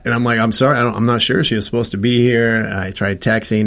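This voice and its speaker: Talking fast with hardly any pauses, this host shares his own story in a casual chat. His mid-range voice is fairly bright, and he performs the quoted dialogue while frequently starting over.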